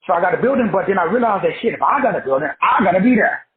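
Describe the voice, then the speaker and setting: Speaking rapid-fire in a high voice, a middle-aged life coach delivers a casual, streetwise motivational talk that is animated, slangy, and profane. His pitch swings up and down as he imitates other people, with a crowd audible behind him and a thin, phone-like sound.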